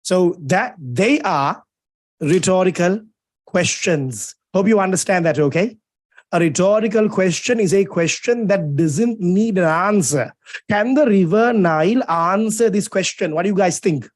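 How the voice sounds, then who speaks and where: A young man with a Sri Lankan English accent giving an energetic live literature lecture, playful and teasing, stretching out key words for emphasis. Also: high-pitched. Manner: lively, playful and teasing, drawn-out dramatic emphasis.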